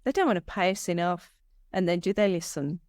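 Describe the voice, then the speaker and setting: A woman's voice: on the low side, fairly quick, darkish tone, dry recording, clean studio sound. A woman, a guest arborist, giving earnest, practical answers in a conversational interview. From United Kingdom.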